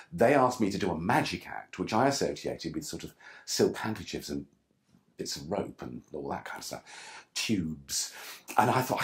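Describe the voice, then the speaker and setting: An older man from England, telling self-deprecating stories as an interview guest, with frequent restarts and asides. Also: deep voice. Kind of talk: relaxed anecdotal interview talk.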